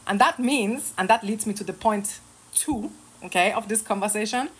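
A woman's voice: medium pitch, moderate pace, a bit bright, slightly rough. A woman in her thirties ranting casually to camera from her bed, sarcastic and heated, swearing and laughing between jabs. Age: 30s. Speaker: online creator. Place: lying in her bed at home.

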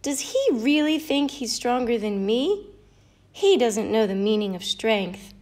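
A woman's voice: on the high side, expressive, measured pace, darkish tone. A woman voicing the female sun in a storybook fable, cool and taunting. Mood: superior. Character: calm, proud female sun.

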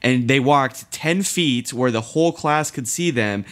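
A young man in loose podcast chat, middle-pitched and conversational. He rambles, swears freely and slips into quoted lines, filling the gaps with "like". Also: a little slow. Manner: rambling, profane, acts out quotes with many "like"s. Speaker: podcast co-host. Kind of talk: casual chat.

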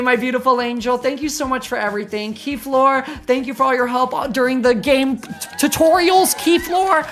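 A woman livestreamer wrapping up her stream in casual, gushing chat full of slang and fillers, her voice starting to go hoarse. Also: on the high side, fairly bright tone.

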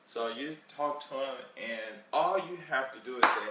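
A man talking casually in a vlog, rambling and animated, acting out chats with people he meets on the street. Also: mid-range voice, normal speed, echoey room, recorded from a distance, heavy background noise. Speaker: vlogger.

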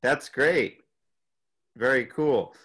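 A man leading a beatboxing workshop over a video call, upbeat and playfully imitating animal sounds in a high voice. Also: drawn-out words, a bit bright. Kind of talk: leading an online group session.

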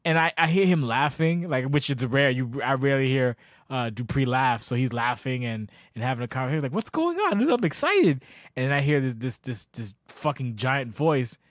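A man's voice: mid-range voice, steady tone, a little fast, no echo, studio quality. A man hosting a casual podcast, telling long profane stories with lots of restarts. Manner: profane, rambling storyteller. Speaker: podcast host.

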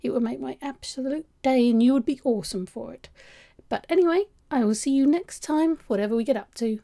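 Chatty woman with a slightly hoarse voice. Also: high voice, a little fast, dark tone. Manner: chatty, rambling, trails off with small restarts. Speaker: art vlogger. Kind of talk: casual unboxing commentary.

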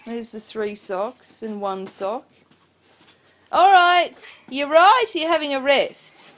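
A woman's voice: high voice, animated, takes it slowly, a bit bright. A mother at home, filming her toddler on a phone and chatting to the child in a playful, sing-song baby-talk voice with chuckles. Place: at home indoors. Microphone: phone camera.

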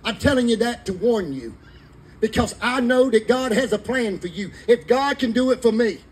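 A man's voice: extremely high pitch, expressive, normal speed, breathy edge, low-quality recording. A man, preaching fervently in a sermon to a live congregation. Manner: fervent preaching in Southern vernacular. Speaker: pastor.

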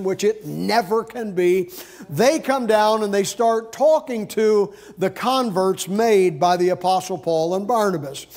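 A man's voice: high voice, darkish tone. A male pastor preaching an earnest sermon, explaining scripture step by step.

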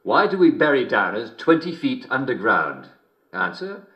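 A man's voice: mid-range voice, big pitch swings, moderate pace, muffled recording. An actor playing a jovial, middle-aged English TV host who chuckles between lines with a smarmy showman delivery, in a scripted game broadcast. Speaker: TV and radio host.

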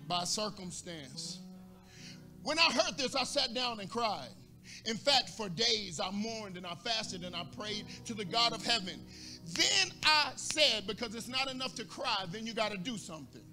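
A man's voice: high-pitched, pushed and bright. A man pastor preaching a sermon, asking the congregation for responses and rising into a sung cadence.

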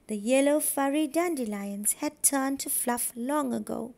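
A woman teacher reads a children's storybook aloud, taking each word slowly and clearly. Her voice sits high and carries a gravelly creak. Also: darkish tone. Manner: slow, clear, careful reading. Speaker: preschool teacher.

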